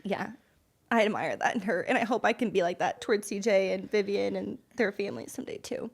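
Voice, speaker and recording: A woman's voice: medium pitch, brisk, creaky. A young woman co-hosting a casual podcast, talking in a heartfelt way that turns emotional. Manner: warm, heartfelt, gets emotional about her mom. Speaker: podcast co-host.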